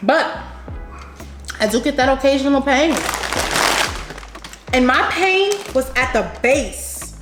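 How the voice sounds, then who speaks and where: A woman's voice: high-pitched, animated, slow, long pauses, reverberant, over music. A woman with a New York accent chatting casually over a meal for a vlog, telling a story with frequent laughs. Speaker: vlogger. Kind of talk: casual mukbang chat. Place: home room, eating at a table.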